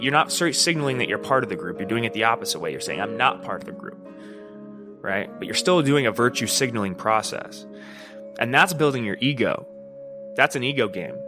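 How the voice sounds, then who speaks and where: A man's voice: fairly low pitch, sharp tone. A man hosting a podcast, talking casually in a rambling monologue, swearing, laughing and often asking "you know what I mean?". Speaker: podcast host.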